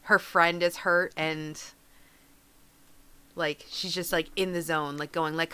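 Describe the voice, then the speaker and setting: A woman's voice: lowish voice, steady tone, slow, long pauses, bright, forceful tone, clear, resonant tone. A woman playing a tabletop game, chatting casually and saying "like" a lot. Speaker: player.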